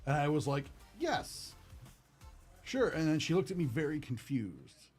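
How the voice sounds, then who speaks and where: Young guy rambling on a card-opening stream, kinda high voice, lots of likes and ums. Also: lively intonation, fairly quick, a little mellow, slightly rough, faint music behind. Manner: chatty and rambling, many fillers. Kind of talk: casual chat while opening cards.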